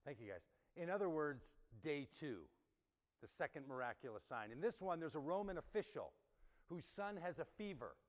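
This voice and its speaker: A man's voice: a little high, lively intonation, normal speed. A man preaching a sermon in a conversational, emphatic style, asking rhetorical questions. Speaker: pastor. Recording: reverberant hall sound.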